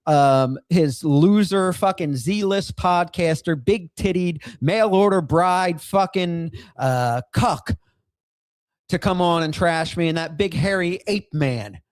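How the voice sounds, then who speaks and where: A man's voice: fairly high pitch, takes it slowly, no echo, studio quality. A middle-aged man hosting a livestream, ranting with profanity and bursts of laughter while reacting to a clip and reading chat. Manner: heated, profane, laughing outbursts. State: in outpatient rehab.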